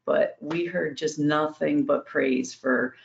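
Gravelly higher-voiced man, upbeat. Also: slow pace. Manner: upbeat, lively storytelling. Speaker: school transportation panelist. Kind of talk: casual panel talk. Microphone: video call. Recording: dull lo-fi video call audio.

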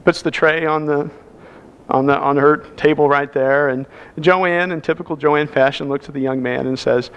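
High-voiced pastor telling a story. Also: male voice, moderate pace, gravelly, highs cut off, a little hiss or hum. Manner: animated storyteller, acts out quoted dialogue. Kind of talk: sermon with storytelling. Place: church sanctuary.

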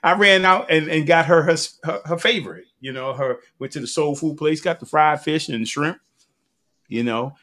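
A man's voice: fairly high pitch, moderate pace, bright, forceful tone. A man in his sixties with an American accent hosting a podcast, chatting casually and laughing often as he tells stories. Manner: laughs a lot, acts out quoted voices while telling stories. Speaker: podcast host. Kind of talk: casual chat.

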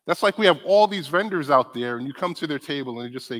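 A man giving a conference talk on church ministry, conversational and animated, often asking the audience questions. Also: a little high, quick pace, hardly any pauses. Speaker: conference speaker on disability ministry. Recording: long hall reverb.

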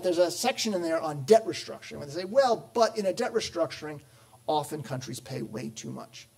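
A man's voice: a little high, a little mellow. A man giving a policy talk at a conference, explaining at length with frequent fillers and restarts. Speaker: panel speaker on sovereign debt. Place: conference or lecture setting.

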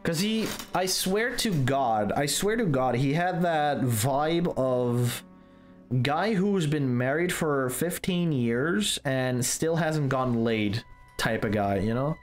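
A man's voice: medium pitch, animated, slow pace. Young guy gaming and ranting, swears constantly, rambling, faint music behind. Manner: profane, rambling storytelling. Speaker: gaming streamer. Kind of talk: casual gameplay commentary.

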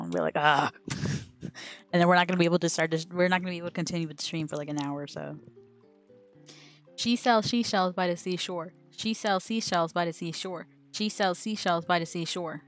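A woman game streamer chatting casually on a live stream, giggling as she stumbles over a tongue twister. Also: fairly low pitch. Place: home streaming setup.

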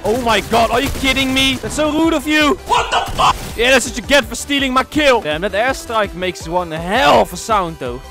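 A young man giving excitable, trash-talking commentary over his own gameplay as a streamer. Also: very high-pitched, moderate pace. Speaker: gaming streamer. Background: game music.

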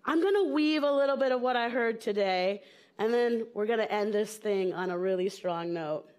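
A woman's voice: medium pitch, normal speed, a little mellow. A woman comedian from the southern United States, telling playful stories on stage before a live audience. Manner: playful, storytelling with jokes. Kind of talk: stand-up talk on stage.

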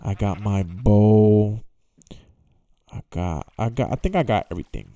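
A man's voice: fairly low pitch, measured pace, warm tone, dry recording, clean studio sound. A young man giving casual, jokey gameplay commentary, talking to himself and to the characters in the game. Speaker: gaming YouTuber.

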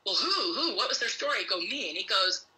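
A woman's voice: medium pitch, sing-song, fast, pushed and bright, poor audio. A woman as an interview guest, telling a story animatedly and acting out both sides of a conversation.

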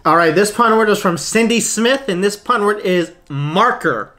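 A man's voice: sits high, lively intonation, normal speed, bright, forceful tone. A man co-hosting an eating show, chatting casually and teasing as he eats. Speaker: mukbang co-host. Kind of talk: casual chat while eating.

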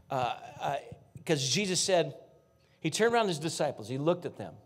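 Husky, animated man preaching. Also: fairly high pitch, normal speed. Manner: fervent, swinging from shouts to hushed whispers; folksy, addresses congregation directly. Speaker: guest preacher. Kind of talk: sermon. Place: church sanctuary.

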